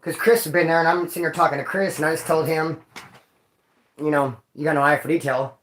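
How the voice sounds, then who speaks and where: A man from Bakersfield, California telling rowdy stories in casual street slang to his viewers, cursing and sometimes yelling. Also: a little high, a little fast. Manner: profane, animated street slang, bursts of yelling. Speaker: vlogger. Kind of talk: casual storytelling to a live chat. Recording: echoey room.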